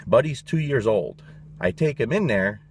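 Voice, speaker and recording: A man's voice: mid-range voice, expressive, moderate pace, a little hiss or hum. A man, a dog trainer, giving his opinions in a blunt, emphatic casual monologue, swearing freely.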